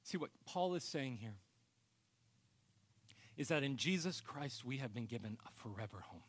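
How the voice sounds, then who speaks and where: A male pastor preaching a sermon with earnest personal storytelling, often trailing off into a soft, low voice. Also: lively intonation, moderate pace, breathy edge.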